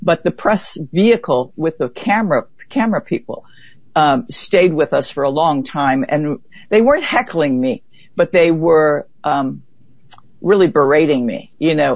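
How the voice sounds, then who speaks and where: Lively woman telling a story, dry sound. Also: sits low, measured pace, slightly rough, dry recording. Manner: lively, vivid storyteller, acts out quotes. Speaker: interview guest. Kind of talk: conversational storytelling. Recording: dull, dry lo-fi recording.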